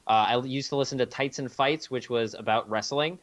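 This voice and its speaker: A podcast co-host with a mid-range voice talks fairly quickly. His chat is loose and casual, laced with profanity and lots of filler words.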